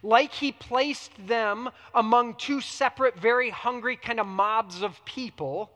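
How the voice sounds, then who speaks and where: A man preaching a sermon as pastor, swinging between hushed, quiet lines and emphatic, rising ones. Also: very high-pitched, a little slow, in a large hall.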